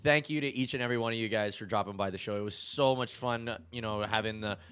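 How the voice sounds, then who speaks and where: A man's voice: on the low side, fast, fairly bright tone, clean tone. Easygoing male co-host in a studio. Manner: easygoing, supportive with agreeing interjections. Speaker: podcast co-host. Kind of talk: casual sports talk, signing off. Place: broadcast studio.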